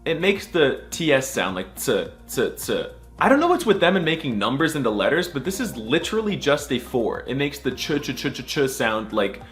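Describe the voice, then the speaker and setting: Goofy man with a lively voice. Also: mid-range voice, soft background music. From United States. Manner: goofy, crude, mock-outraged, drawn-out letter sounds. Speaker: comedic language explainer. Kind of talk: comedic scripted voice-over.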